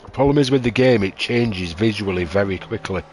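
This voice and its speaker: A man commentating a sim racing league race, calling tyre strategy in a steady, analytical way. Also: on the low side, fairly quick, slight background noise.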